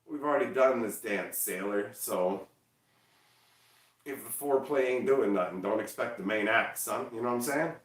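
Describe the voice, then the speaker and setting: A man chatting casually on a livestream, loud and energetic, teasing his chat. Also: lowish voice, echoey room, far from the mic. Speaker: streamer.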